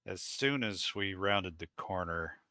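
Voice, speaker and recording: A man's voice: low voice, animated, unhurried, pushed and bright, no echo. A man playing a tabletop game, describing his character's actions in third person. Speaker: player. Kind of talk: casual tabletop role-play.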